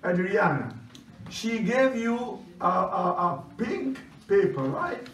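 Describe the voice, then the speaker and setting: A man teaching a language class, brisk and commanding, who repeats his instructions. His first language is Chaldean Aramaic. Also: sits high, very animated, fairly bright tone, a little hiss or hum. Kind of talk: classroom lecture. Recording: roomy, distant classroom recording.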